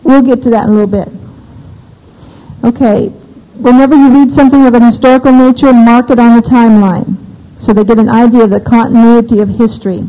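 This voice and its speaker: A woman's voice: a little high, fairly even intonation, brisk, mellow. A woman speaking to a live audience at a homeschooling seminar, opinionated and practical, often asking the listeners questions. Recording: dull lo-fi recording.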